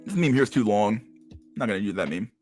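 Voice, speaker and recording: Guy doing loose sweary livestream commentary, keeps restarting his sentences, pitch jumps all over. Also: animated, fast, a little mellow, soft background music. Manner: profane, rambling, stammering restarts. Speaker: streamer reacting to memes.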